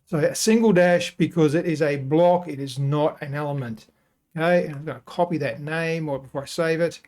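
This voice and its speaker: A man hosting a software tutorial, talking casually and thinking aloud as he works through each step. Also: a little high, normal speed. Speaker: web design tutorial host. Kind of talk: screen-recorded software tutorial.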